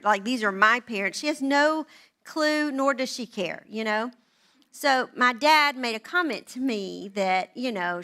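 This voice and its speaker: A middle-aged woman, speaking to a church moms' gathering in an animated, wry, self-deprecating storytelling way. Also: on the high side. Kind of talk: storytelling talk to a live audience.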